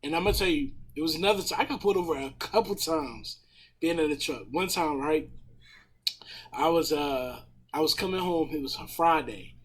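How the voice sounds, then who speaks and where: A man in casual podcast chat, retelling a story in a profane, animated way with a husky voice. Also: a little high, normal speed. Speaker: podcast panelist.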